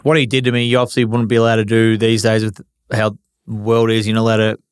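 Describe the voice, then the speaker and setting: A man's voice: on the low side, monotone, fast, clean tone, no room sound, studio quality. A man in his forties with an Australian accent, a former footballer telling casual, swearing-laced stories as an interview guest. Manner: laid-back, swears freely, acts out old arguments.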